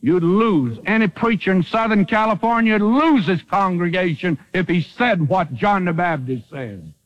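A man preaching in a lively sermon voice that climbs and drops all over his range. He moves from ringing declarations to quiet, low asides. The sound is dull and muffled, like an old radio broadcast. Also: normal speed. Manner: dramatic, swings from loud to hushed.

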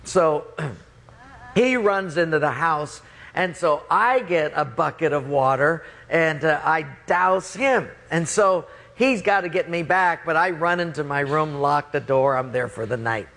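A man preaching a sermon, telling an animated personal story and acting out the quotes. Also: on the high side, measured pace.

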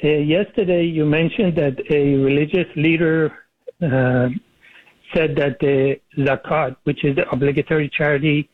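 A man calls in to talk radio over a tinny phone line, his voice dry and a bit high for a man. He argues earnestly and stops now and then with an "uh" to find his words. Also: steady tone, no echo. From Iran. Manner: earnest, argumentative, with frequent uh pauses. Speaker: caller.

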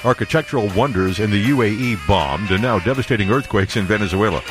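A middle-aged man from Virginia hosting a casual talk radio show, jokey and quick to slip into mocking voices. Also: lowish voice, music in the background. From Virginia, USA.

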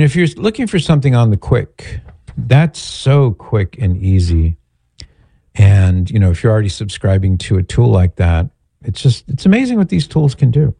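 Low, mellow-voiced male radio host. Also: no echo. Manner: chatty, folksy, jokes with the producer. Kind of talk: casual call-in radio talk.

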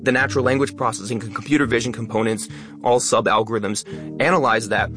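Fast-talking man with stressed words. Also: mid-range voice, steady tone, fairly bright tone, faint music behind. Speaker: guest, online creator. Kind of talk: interview conversation.

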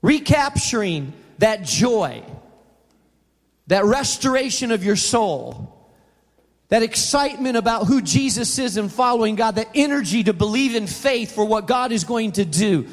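High-voiced pastor preaching in a reverberant hall. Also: male voice, animated, unhurried. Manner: conversational, acts out voices in anecdotes. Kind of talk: sermon with personal storytelling. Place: church auditorium.

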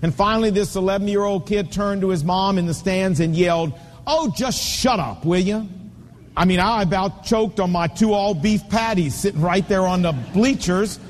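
Male preacher, 50s, high-pitched and emphatic, storytelling sermon style, recorded with long hall reverb. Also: fairly even intonation, a little fast, few pauses. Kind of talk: sermon to men on fatherhood.

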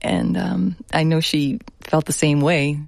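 A middle-aged woman journalist giving a thoughtful radio interview, speaking earnestly and laughing softly now and then. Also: low voice, fairly even intonation, a little slow, gravelly, no echo. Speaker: journalist guest.

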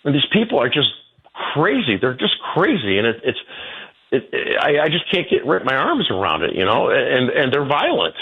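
A man's voice: wildly swooping pitch, normal speed, gravelly, breathy edge, narrow, tinny audio. A man in his sixties, a guest on a radio show, telling stories in a rambling way and repeating his words. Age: 60s. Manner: rambling, repeats words, quotes people in a high voice. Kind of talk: casual radio conversation.

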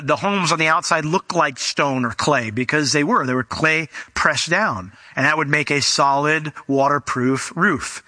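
A man's voice: on the high side, sharp tone, no room sound. A man preaching a conversational Bible teaching, folksy in his delivery and fond of acting out the people in the story. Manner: folksy, acts out quoted voices.

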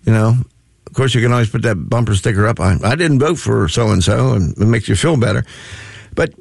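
A man's voice: fairly low pitch, a little fast, creaky, darkish tone, husky, no echo. A man hosting a radio talk show, rambling in a self-mocking curmudgeonly way with many restarts and asides. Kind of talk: folksy talk radio banter.

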